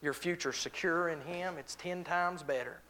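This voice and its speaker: Guy preaching at church, kinda high voice, reads old bible verses, says stuff over and over. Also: moderate pace, pushed and bright, a little hiss or hum. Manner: reads King James scripture aloud, repeats phrases for emphasis. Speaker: visiting preacher. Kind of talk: sermon with scripture reading and prayer. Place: church service.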